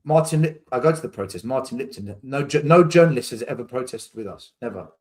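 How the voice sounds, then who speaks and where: A man's voice: medium pitch, animated, fast talker, darkish tone. A man, hosting a podcast, arguing heatedly in casual debate and repeating words when he gets pressed. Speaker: podcast host.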